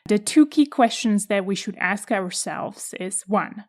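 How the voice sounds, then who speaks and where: A woman with a Czech accent hosting a solo podcast, talking through her thoughts in a measured, reflective way. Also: mid-range voice, animated, darkish tone. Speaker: podcast host.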